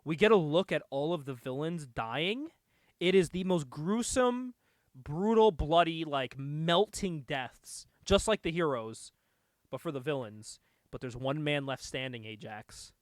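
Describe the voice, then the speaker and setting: A young man hosting a podcast, casually recapping a comic book, animated and laughing often. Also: on the high side, measured pace, no echo, clean studio sound. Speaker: podcast host.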